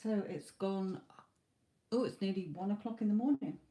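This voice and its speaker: A woman's voice: mid-range voice, normal speed, dark tone. A woman reading tarot cards on a live stream, chatty and reassuring, tired and losing her voice late at night. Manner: chatty, reassuring, says okay and you know often. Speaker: tarot reader.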